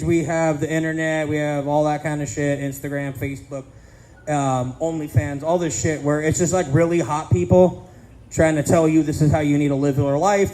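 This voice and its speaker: Brief: male stand-up comic, thirties, fairly high voice, crude self-mocking set, punchy timing. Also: a little mellow, poor audio. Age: 30s. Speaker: stand-up comedian. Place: casino comedy stage.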